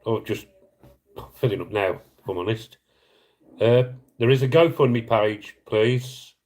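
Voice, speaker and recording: A man's voice: mid-range voice, measured pace, a little mellow, poor audio. A middle-aged man on a casual live stream, earnestly and emotionally appealing for donations, rambling and apologising as he reads comments.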